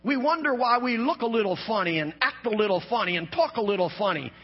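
A man pastor delivering a sermon, climbing into shouts and dropping to low, emphatic asides, on a dull lo-fi recording. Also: animated, fast, husky.

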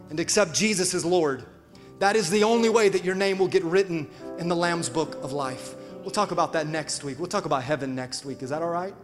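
High-voiced pastor in a reverberant hall. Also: male voice. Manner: urgent, leads the congregation in a repeat-after-me prayer. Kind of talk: sermon with altar call and prayer. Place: large church with several campuses.

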